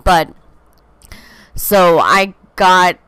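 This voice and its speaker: A young woman rambles through a casual podcast from home, tired and candid, her talk full of fillers and restarts. Her voice is smooth and slightly low. The recording is dry and close. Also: very slow, fairly bright tone, no echo. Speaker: podcast host.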